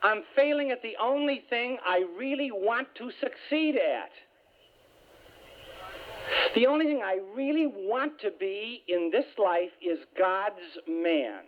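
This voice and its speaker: A man's voice: high-pitched, slow pace. Man telling a story over tinny radio. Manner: lively storytelling with self-mocking asides. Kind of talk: humorous spoken talk. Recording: tinny phone-like radio sound.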